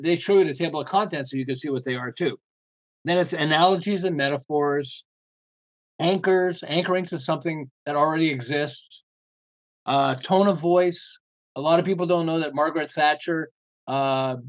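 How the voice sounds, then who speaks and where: A man being interviewed as a guest author on a podcast, talking loosely with lots of "you know" and acting out what people think by jumping up and down in pitch. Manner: animated, acts out quoted thoughts with big jumps in pitch.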